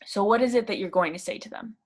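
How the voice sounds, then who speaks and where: A young woman talks through an English speaking lesson in a relaxed, chatty way. She encourages the viewer warmly and fills her sentences with easy fillers. Her pitch sits in a middle range. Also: fast talker. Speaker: English teacher. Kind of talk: casual spoken lesson.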